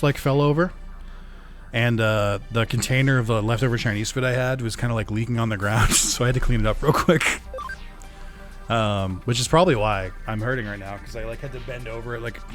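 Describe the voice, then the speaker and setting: A man giving casual, rambling gameplay stream commentary, laughing often and swearing casually. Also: mid-range voice. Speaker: game streamer.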